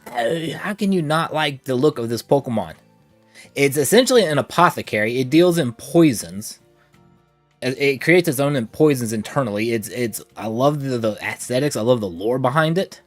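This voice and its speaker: A man's voice: medium pitch, no echo. A man hosting a casual gaming livestream, chatting with viewers and reading chat aloud. He sounds a little short of breath from allergies. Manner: chatty, reads chat aloud, playful asides. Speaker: gaming streamer.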